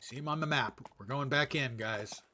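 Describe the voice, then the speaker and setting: A man's voice: medium pitch, moderate pace, bright, forceful tone, slight background noise. A man streaming an online game live, narrating his play with wry muttered asides.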